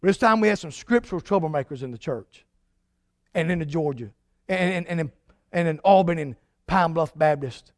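A man preaching a sermon as pastor, emphatic, swinging from loud declarations to hushed lines. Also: a little high, lively intonation, fairly quick, dry recording, studio quality.

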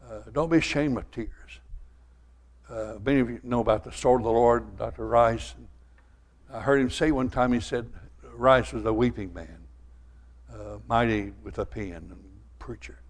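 An older man with a drawl delivers a sermon in a folksy, storytelling way. His voice sits at an ordinary middle pitch. He swings from loud, rising lines to quiet, earnest asides. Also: normal speed. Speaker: pastor.

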